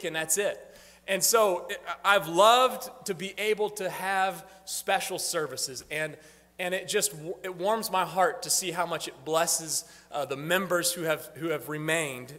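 A man addressing a congregation as their pastor, his voice pitched high and sharply bright. He talks in a loose, casual way, restarting his sentences often. The sound carries a long reverb from the church hall. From northern United States. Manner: casual, rambling, frequent restarts. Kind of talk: informal church talk on ministry updates. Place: church sanctuary.

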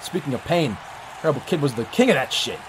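A man giving excited, profane play-by-play commentary on a wrestling match, often breaking into yells. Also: a little high, brisk, some chatter behind, a little hiss or hum.

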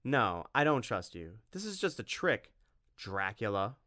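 A man voicing an eager, stubborn young boy in a storybook reading, pitching his voice up. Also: big pitch swings, normal speed, fairly bright tone, dry recording, studio quality. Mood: defiant.

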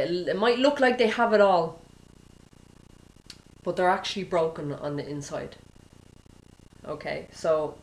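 A woman preacher with a lowish voice gives an informal, conversational sermon. She sprinkles in "you know" and "okay?" and acts out prayers, and the recording quality is low.

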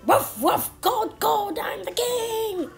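A woman voicing a boastful male dog who calls himself the Ice King, chanting his lines in a shouty sing-song. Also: very high voice, expressive, slow, vocal fry, soft background music, pitched above the performer's own voice, full character voice. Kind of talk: voicing a game character over gameplay.

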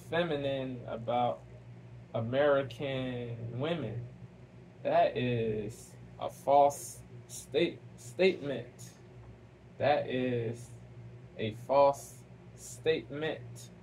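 A man hosting a reaction video, talking slowly in casual commentary, asking "why" over and over and dropping fancy words into slang. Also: mid-range voice, a little mellow, a little hiss or hum, low-quality recording. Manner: slow, repetitive, keeps asking why, drops fancy words.

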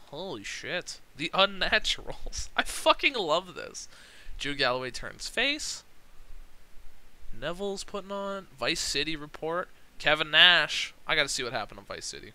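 A young man casually commentating his own game on a livestream, excitable and profane, laughing often. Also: a little high, measured pace, rough recording. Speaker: streamer.

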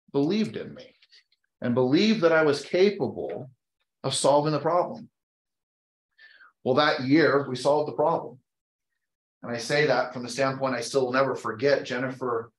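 A man in his fifties leading a motivational training talk for an audience, telling a personal story and building to an emphatic, upbeat push. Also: mid-range voice. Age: 50s. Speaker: real estate team leader and trainer. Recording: roomy echo.

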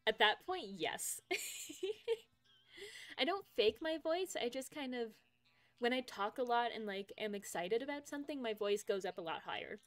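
A woman's voice: on the high side, animated, moderate pace, a bit bright. A young woman streaming from home, chatting casually with her viewers, laughing often as she reads out their messages. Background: faint game music.

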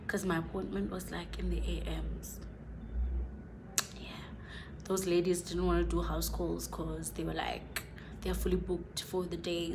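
A young woman from South Africa chatting excitedly in a casual vlog, rambling and often dropping to a near whisper. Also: fairly low pitch, a little slow, background noise. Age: young adult. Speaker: vlogger.

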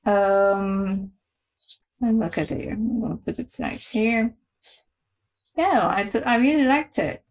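A young woman with a Romanian background, commenting casually on a game she plays, swearing and excitable, full of fillers. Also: medium pitch, slow pace, long pauses, muffled recording. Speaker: game streamer.

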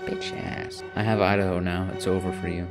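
A man's voice: deep voice, little pitch movement, fast talker, over music. A young man giving casual, jokey gameplay commentary on a desk mic, swearing bluntly as he plays. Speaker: gaming YouTuber.

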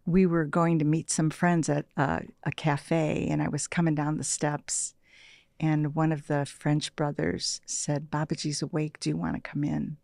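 Soft-spoken gravelly woman recalling her past. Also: sits low, level tone, a little slow, no echo, clean studio sound. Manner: soft-spoken, often trails into quiet near-whispers, laughs lightly. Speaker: interview guest, meditation practitioner. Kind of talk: reflective personal storytelling.

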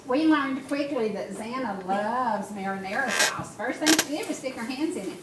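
A woman's voice: a little high, animated, normal speed, over loud music. A middle-aged woman hosting a talk show, chatting in sing-song baby talk and coaxing a little one to speak. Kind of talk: casual chat with a baby on air. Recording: echoey, distant mic with background noise.

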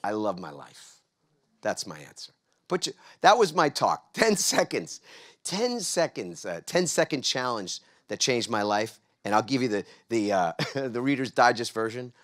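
Animated middle-aged man addressing a crowd. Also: mid-range voice, normal speed. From New York. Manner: energetic, engages audience with call-and-response questions. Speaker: keynote speaker. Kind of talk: motivational conference talk. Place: large conference stage before a live audience.

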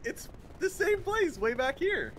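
A woman's voice: high-pitched, sing-song, a little slow, slight background noise. A woman in a casual let's-play with friends, giggling and teasing, firing off incredulous questions.

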